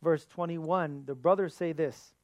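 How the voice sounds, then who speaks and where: A man's voice: on the high side, unhurried, a little mellow, no echo. A man giving a sermon as a pastor, earnest, asking his listeners rhetorical questions.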